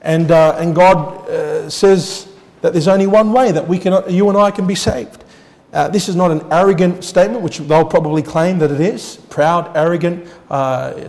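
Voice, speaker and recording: A male pastor preaching a sermon with emphatic swings between loud declarations and quiet asides, often putting rhetorical questions to the congregation. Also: a little slow, big-room sound. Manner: emphatic, rising to loud declarations then dropping low.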